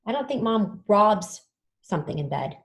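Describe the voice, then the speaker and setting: A woman's voice: medium pitch, very animated, moderate pace, roomy sound. A woman teaching a spelling lesson to children, patiently sounding words out letter by letter.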